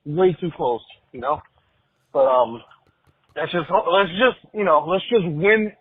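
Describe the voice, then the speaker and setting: Man caller, husky, joking and rambly, thin phone-line sound. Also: a little high, takes it slowly. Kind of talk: casual chat.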